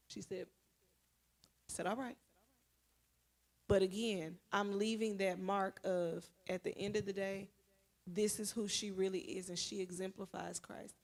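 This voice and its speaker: A woman speaks earnestly at a church Bible study and tells a personal story from her teaching work. She keeps it animated and conversational and slips into the voices of the people in her story. Her pitch sits in the middle. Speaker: schoolteacher sharing at a Bible study.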